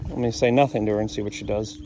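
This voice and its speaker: A man's voice: lowish voice, steady tone, very fast, dark tone, slight background noise. A man working as a dog trainer, talking through a session outdoors in a blunt, matter-of-fact way. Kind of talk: casual explanatory commentary while training.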